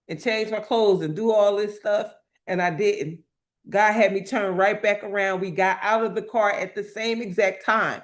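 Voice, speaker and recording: A woman sharing a faith-based testimony, telling her story with lively quoted dialogue and repeating phrases for emphasis. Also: mid-range voice. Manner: animated storytelling, acting out quoted voices. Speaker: motivational speaker.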